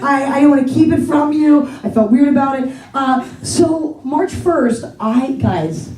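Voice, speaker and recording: A woman's voice: sits high, unhurried, a little hiss or hum. A woman of forty from the Pittsburgh area doing a brash, self-mocking stand-up set on a theater stage. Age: 40s. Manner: brash, self-mocking, swings into loud exclamations. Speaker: stand-up comedian. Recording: echoey room from far, crowd laughter.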